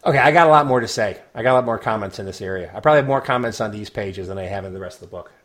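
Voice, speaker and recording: Opinionated man with dry, deadpan asides. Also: on the low side, very fast. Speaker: podcast co-host. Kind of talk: casual chat.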